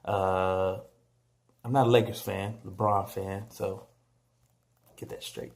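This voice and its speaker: A man talking casually about basketball standings on his vlog, animated and joking, trash-talking teams and players. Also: low-pitched, takes it slowly, vocal fry. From San Antonio, Texas. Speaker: vlogger.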